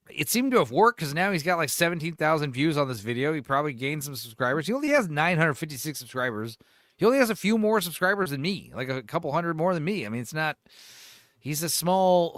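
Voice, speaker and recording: Animated, high-voiced male streamer. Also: brisk, no echo, studio quality. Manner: rambling, animated, many fillers. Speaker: host. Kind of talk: casual livestream chat.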